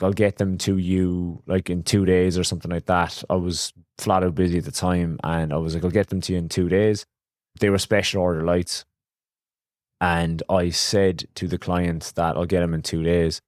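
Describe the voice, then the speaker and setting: A man's voice: sits low, no room sound, clean studio sound. A man hosting a podcast and telling a rambling, frank story in casual talk, swearing now and then. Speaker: podcast host, electrician.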